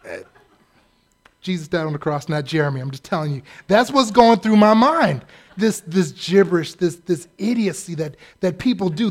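A man with a fairly high voice preaching a sermon. He talks loosely and conversationally, swings between quiet asides and loud bursts, and slips into quick mimicked voices to make his point. His tone is animated and jokey, but the delivery is still that of a pulpit message. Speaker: pastor.

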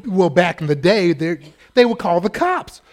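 A pastor preaching a sermon in a humorous, conversational, self-deprecating way. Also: male voice, sits high, big pitch swings, normal speed.

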